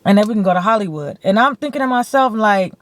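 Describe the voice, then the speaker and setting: A woman from California telling a story to her camera in a blunt, animated way, swearing freely and saying "like" often. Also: mid-range voice, quick pace. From San Bernardino, California. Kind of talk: casual storytime. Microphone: camera mic.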